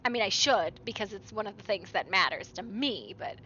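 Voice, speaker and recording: Bright-voiced young woman streaming a game. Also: medium pitch, animated, brisk, dull audio, a little hiss or hum. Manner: casual, swearing, laughing, reading game text aloud. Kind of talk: game live stream commentary.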